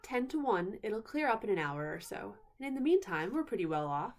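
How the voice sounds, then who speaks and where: A woman's voice: medium pitch, very animated, brisk. A woman voicing a sensible, motherly older girl who speaks in a bossy, matter-of-fact way. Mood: soothing.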